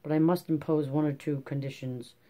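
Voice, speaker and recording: A reader doing a stern, proud rich businessman from an old storybook, speaking in a cold, formal, commanding way. The tone is mellow, at a middling pitch. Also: fairly even intonation, a little fast, close to an everyday voice. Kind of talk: audiobook character reading.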